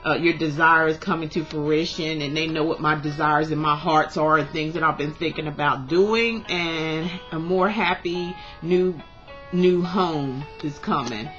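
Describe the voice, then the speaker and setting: A woman's voice: low voice, fairly bright tone. A woman doing a tarot reading vlog, talking passionately in a long, rambling rant. The sound is a little muffled, with faint music playing behind her. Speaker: tarot reader.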